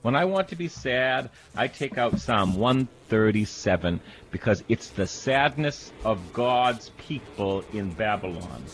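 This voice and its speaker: A man's voice: fairly low pitch, expressive, unhurried, few pauses, a little hiss or hum. A middle-aged man, a priest, preaching a sermon with dramatic scripture readings and call-and-response. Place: airport.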